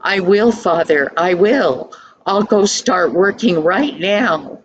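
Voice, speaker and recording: A woman's voice: lowish voice, animated, takes it slowly, highs cut off, background noise. An older woman voicing a remorseful young boy who pleads and stammers near tears. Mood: relieved.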